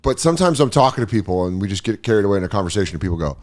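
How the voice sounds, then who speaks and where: Lively-voiced man swearing through funny stories. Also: lowish voice, rapid-fire, hardly any pauses. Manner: profane, laughing storyteller. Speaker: podcast host. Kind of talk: casual chat.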